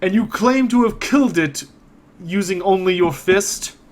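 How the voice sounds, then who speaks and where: A man's voice: a little high, sing-song, moderate pace, fairly bright tone. A man doing a towering, stern interrogator. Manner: stern, probing questions.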